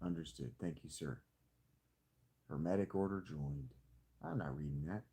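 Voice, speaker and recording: A man streaming a strategy game, talking to himself in rambling, jokey commentary with sudden squeaky jumps and a hammed-up hick drawl. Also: moderate pace, warm tone. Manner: playfully hamming a hick drawl. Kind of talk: casual live-stream commentary.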